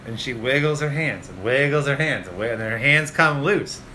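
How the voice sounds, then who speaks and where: Man, podcast co-host, crude and animated storyteller, bright edge to the voice. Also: mid-range voice, normal speed, slight background noise. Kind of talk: casual podcast chat.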